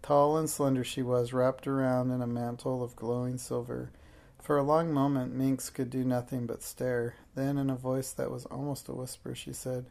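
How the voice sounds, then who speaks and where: A narrator reading a children's chapter book aloud in a gentle, even manner. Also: mid-range voice, normal speed, creaky. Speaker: storybook narrator.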